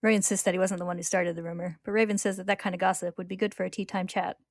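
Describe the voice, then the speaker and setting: A woman's voice: fairly low pitch, little pitch movement, very fast, no echo, studio quality. A woman host retelling a comic's story in casual recap narration, laughing often and lifting the quoted lines. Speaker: podcast host retelling a manga.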